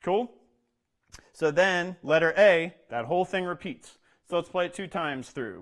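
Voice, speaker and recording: A man's voice: sits high, expressive, a little slow, faint music behind. Man teaching drum rudiments step by step. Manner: explains step by step, says "okay?" often, speaks rudiment names in a rhythm. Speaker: percussion instructor. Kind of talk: instructional talk with demonstration.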